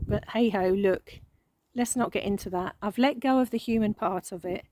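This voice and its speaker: A woman giving an emotional spiritual monologue, halting and repeating words, with frequent sighs. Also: medium pitch, a little mellow, slight background noise, rough recording. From England. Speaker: spiritual channel.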